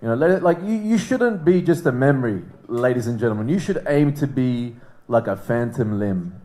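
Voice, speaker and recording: A man's voice: medium pitch, animated, normal speed, mellow. A man from Iraq performing a stand-up comedy set on a club stage, laid-back and dropping into mumbled asides.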